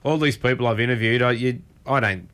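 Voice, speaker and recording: A man's voice: medium pitch, brisk, a bit bright. A middle-aged man with an Australian accent hosting a radio show, rambling through anecdotes in casual chat and losing his train of thought.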